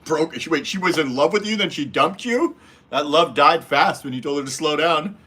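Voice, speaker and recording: A blunt, foul-mouthed man chats through a livestream, answering his viewers' comments. His voice has a bright, forward edge. He talks casually and crudely, and he sometimes mimics the people in his stories. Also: a little high, normal speed, husky. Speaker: livestream host reading chat.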